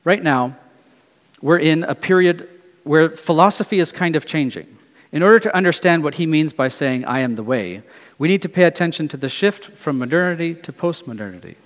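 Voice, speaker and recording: A middle-aged man preaching a sermon, earnest and questioning, often dropping to quiet phrases. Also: on the high side, animated, fairly quick. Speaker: pastor. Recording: long hall reverb.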